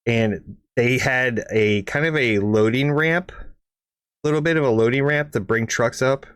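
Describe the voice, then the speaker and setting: A podcast co-host tells a long, rambling story in a smooth, unhurried mid-range voice, cursing freely and tagging lines with "right?" He's animated, acting out engine noises and other sound effects. The studio sound is clean, with no echo.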